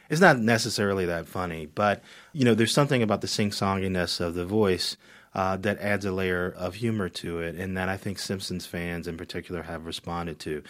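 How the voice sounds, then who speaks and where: Male critic guest, radio interview, thoughtful, lowish voice. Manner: thoughtful, repeats words when starting.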